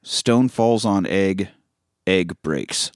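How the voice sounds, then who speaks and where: A man hosts a casual podcast and walks through a movie plot. His pitch rises and falls a lot as he tells it. He swears freely, and the sound is dry and close. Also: extremely slow, no room sound. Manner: animated retelling, swears freely. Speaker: podcast host. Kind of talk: casual film-recap chat.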